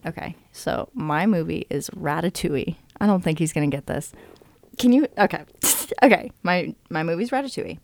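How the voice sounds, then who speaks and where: A woman's voice: fairly low pitch, lively intonation, moderate pace, creaky. Chatty young woman on a video call. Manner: chatty, playful, teasing. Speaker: game player. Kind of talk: casual chat.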